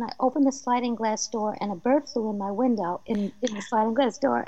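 A woman with a New Jersey accent, a medium speaking as a guest on a talk show and telling stories in an animated way with laughter. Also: fairly high pitch, moderate pace, no echo, highs cut off. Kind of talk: casual storytelling interview.

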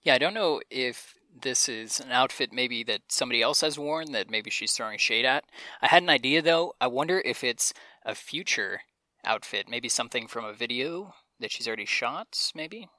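A man's voice: mid-range voice, lively intonation, normal speed, bright, forceful tone, no room sound. A man co-hosting a podcast, chatting enthusiastically and reading out quotes with playful voices. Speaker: podcast co-host. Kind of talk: casual chat.

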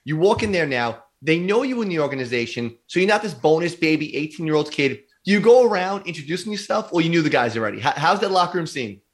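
A man's voice: a little high, lively intonation, quick pace, few pauses. A man hosting a casual interview, asking long questions that restart and pile up. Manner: stacks rambling restarted questions. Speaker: podcast host.

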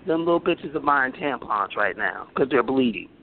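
A man's voice: medium pitch, lively intonation, moderate pace, slight background noise. A man making crude jokes in casual chat, recorded with a tinny, phone-like sound. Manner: crude joking.

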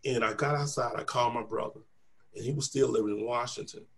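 Talking at a quick clip in a creaky, medium-pitched voice, this middle-aged man shares his personal testimony. He animatedly performs the quoted voices of the characters he describes.

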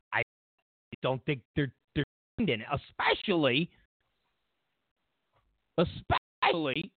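A man's voice: on the high side, gravelly, dry recording. Male show host, incredulous and stammering, dry phone-quality sound. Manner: sarcastic, incredulous, stammering restarts. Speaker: political commentary show host. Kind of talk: ranting talk-show commentary.

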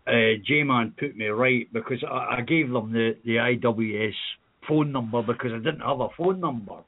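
A man's voice: mid-range voice, moderate pace. A Scottish man on a call-in, mid-range voice, chatting loosely and cursing as he tells a long story. His voice arrives thin and tinny, squeezed down like a phone line. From Scotland. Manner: rambling, swearing storyteller. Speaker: caller. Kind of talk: casual phone chat.

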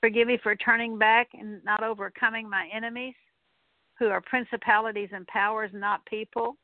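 A woman with a fairly high voice leads a deliverance prayer in earnest, repeated declarations. The sound is tinny and narrow, like an old radio broadcast, close and dry with no room around it. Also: flat delivery, moderate pace, no echo. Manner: earnest, repetitive declarations, occasional fillers. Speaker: radio minister.

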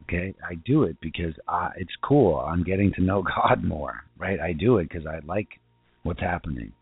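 Deep-voiced man preaching over a tinny line. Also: lively intonation, vocal fry, breathy edge, no room sound. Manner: earnest, rhetorical questions, repeats phrases; slow deliberate scripture reading. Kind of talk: informal online sermon. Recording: tinny phone-like sound with faint music.

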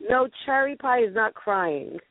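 A woman's voice: a little high, expressive, measured pace, no echo. Bubbly, rambling female talk-show host; dry, narrow phone-line sound. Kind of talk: casual talk-radio chat.

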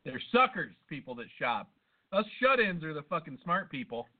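A man co-hosting a podcast tells a long, rambling story in casual chat, full of swearing and asides. His voice is fairly high with big pitch swings at a moderate pace, and the recording sounds tinny and phone-like.

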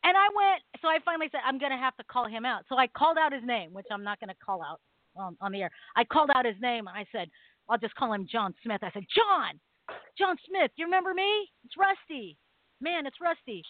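A woman co-hosting a talk radio show, telling a story in a casual, animated way and acting out the people in it. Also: fairly high pitch, fast talker, dry recording. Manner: animated storytelling, acts out quoted voices. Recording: dry phone-line audio.

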